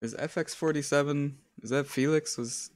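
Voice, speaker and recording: A man's voice: fairly high pitch, fairly even intonation, moderate pace. A man commentating a live sim racing stream, joking around, laughing often and stumbling over names. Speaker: race commentator.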